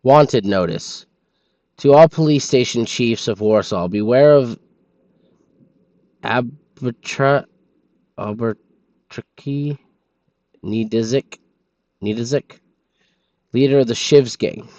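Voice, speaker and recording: A man's voice: mid-range voice, slow, long pauses, a little mellow, no room sound, poor audio. A man streaming a game, reading its in-game documents aloud in a sleepy manner and stumbling over foreign names.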